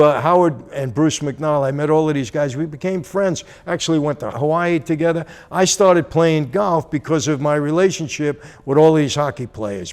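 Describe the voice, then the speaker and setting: A man casually telling a personal story, animated and acting out the dialogue as he goes. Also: on the high side. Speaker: channel host.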